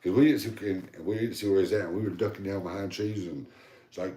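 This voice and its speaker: A man with a very deep, low voice tells a long, rambling story in easy, casual talk, animated and salty. The sound carries an echo, as if he were in a bare room. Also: fast talker. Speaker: podcast co-host. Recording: echoey room.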